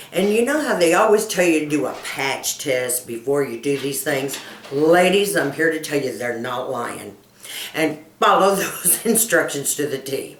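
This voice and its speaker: A woman in her fifties, a lifestyle coach chatting with her viewers, folksy and animated, laughing often as she tells stories. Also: sits low, reverberant, recorded from a distance. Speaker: lifestyle coach and channel host. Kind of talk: casual chat answering viewer questions.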